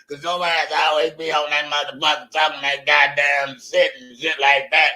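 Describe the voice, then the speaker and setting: A man hosting a livestream, ranting in an animated, profane way and laughing often. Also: mid-range voice, moderate pace, few pauses. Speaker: livestream host. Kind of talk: unscripted livestream rant.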